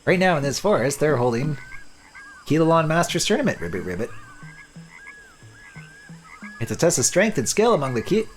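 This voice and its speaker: Man putting on a lively frog creature from a game, croaks ribbit after every line, high and bouncy. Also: quick pace, soft background music. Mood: eager. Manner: tags sentences with croaking ribbits. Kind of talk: reading game dialogue aloud.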